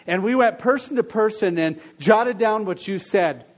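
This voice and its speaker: A man's voice: high-pitched, moderate pace. A man preaching a sermon, opening with a prayer, then asking the congregation a string of questions. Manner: earnest, questioning, drops softer in prayer. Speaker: pastor.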